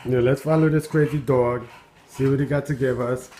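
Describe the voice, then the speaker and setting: A man's voice: mid-range voice, steady tone, moderate pace, dark tone, a little hiss or hum. A man at home, filming his dog on a handheld camera and giving amused running commentary with frequent exclamations and chuckles. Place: at home indoors.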